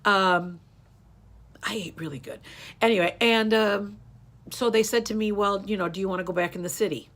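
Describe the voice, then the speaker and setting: A woman's voice: mid-range voice, steady tone, normal speed, long pauses, fairly bright tone. A woman in her fifties chatting casually to camera, rambling and turning emotional as she talks. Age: 50s. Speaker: beauty YouTuber. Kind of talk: casual tag video chat.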